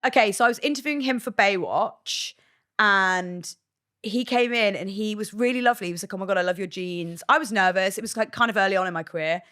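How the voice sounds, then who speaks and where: A woman's voice: mid-range voice, sharp tone. Chatty woman in her thirties. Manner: chatty, swears freely, quick bursts. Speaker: podcast guest, presenter. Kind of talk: casual chat.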